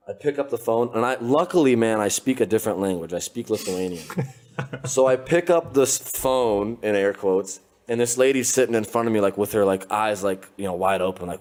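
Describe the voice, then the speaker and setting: Podcast guest: young man, low voice, casual, rambling delivery full of fillers. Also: fairly quick. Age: young adult. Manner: loose, animated, full of filler words and laughter. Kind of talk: casual storytelling. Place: his apartment.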